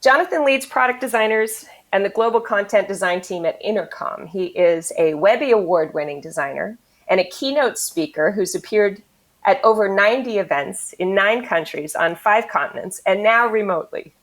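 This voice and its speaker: A woman with a middle-pitched voice hosts an online event. She reads a scripted introduction with a few fillers. She speaks over a video call. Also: moderate pace. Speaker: event host.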